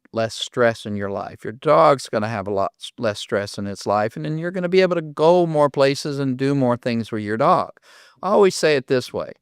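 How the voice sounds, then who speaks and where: An older man from Oklahoma hosts a podcast in a relaxed, folksy storytelling way, acting out dialogue as he goes. His voice is smooth and resonant, with a mid-range pitch. The sound is close and dry. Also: dry recording. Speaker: podcast host and dog trainer. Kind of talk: casual podcast monologue with stories.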